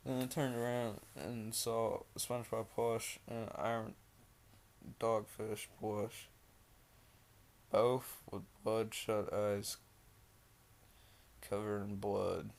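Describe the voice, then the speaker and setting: Young man, slow-paced, rambling creepypasta reader, lots of ums and uhs, mocking asides. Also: fairly low pitch, little pitch movement, creaky, a little mellow. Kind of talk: reading a creepypasta with commentary.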